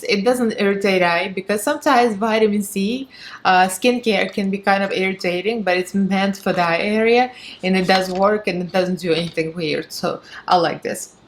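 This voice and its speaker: A woman's voice: medium pitch, moderate pace, slight background noise. A woman with a Russian accent giving a chatty, frank and sarcastic product review, laughing often. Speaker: beauty vlogger.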